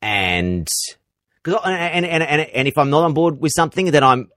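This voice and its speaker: A man's voice: fairly high pitch, sing-song, normal speed, a bit bright, dry recording, studio quality. An Australian man, a radio presenter, answering interview questions with lots of energy, repeating words and restarting sentences. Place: radio station office.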